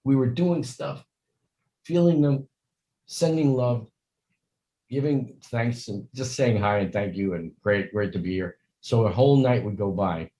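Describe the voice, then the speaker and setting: With a mid-range, dark-toned voice and a slightly slow pace, this older interview guest rambles earnestly at length in a conversational exchange. He performs the greetings he quotes. Audio quality is poor.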